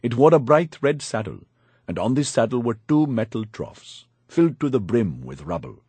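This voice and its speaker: A man's voice: medium pitch, sing-song, moderate pace, darkish tone, breathy edge, no echo. A man narrating a first-person audiobook in a wry, confiding storytelling manner, on a close studio mic.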